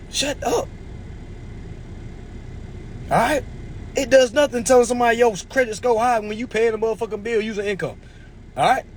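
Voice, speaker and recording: A man's voice: sits high, a little hiss or hum. A man in his twenties hosting a livestream, giving a blunt, profane motivational talk. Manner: blunt, preachy, swearing freely. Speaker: livestream host.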